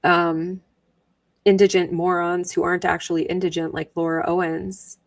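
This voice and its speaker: A woman's voice: fairly low pitch, level tone, moderate pace, no room sound, recorded from a distance. A woman from New York hosting a livestream, chatting sarcastically and laughing often as she comments on a trial. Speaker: livestream host. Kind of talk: casual commentary while rewatching a trial. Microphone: wearing headphones.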